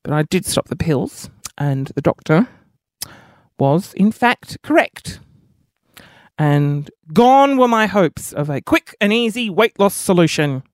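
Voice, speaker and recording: Here the podcast host talks slowly in a high, sing-song voice, casually spinning self-mocking comic stories and swearing freely. The studio sound is clean, with no echo.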